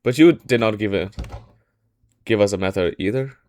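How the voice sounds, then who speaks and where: A man's voice: lowish voice, moderate pace, no room sound, close to an everyday voice. A man voicing an older court minister who is troubled and indignant, in a casual storytelling style. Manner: hushed, confiding, then angry.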